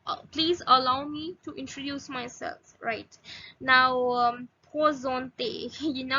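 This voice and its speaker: A young woman teaching a casual video lesson, halting with fillers and slowing down to spell out phrases. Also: high voice, sharp tone, husky. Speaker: language teacher. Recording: slightly dull lo-fi audio with faint noise.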